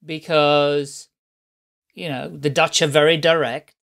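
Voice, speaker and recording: A man's voice: on the high side, little pitch movement, slow pace, creaky, a bit bright. A man hosting an interview, encouraging his guest and summing up her points in casual chat. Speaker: podcast host.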